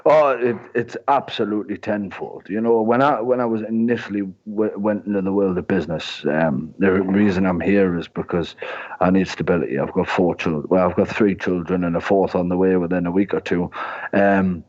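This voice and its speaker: A man's voice: low voice, normal speed, darkish tone, dull audio. A man in his twenties with a Northeast English accent, a comedian guest chatting in a rambling, jokey, self-deprecating way. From Northeast England. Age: 20s. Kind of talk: casual interview chat.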